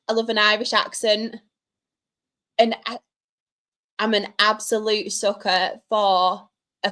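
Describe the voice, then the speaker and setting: A woman's voice: on the high side, pushed and bright. Chatty Mancunian woman streamer. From Manchester, England. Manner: chatty, laughs often, answers chat with banter. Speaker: streamer answering chat questions. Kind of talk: casual live-stream chat.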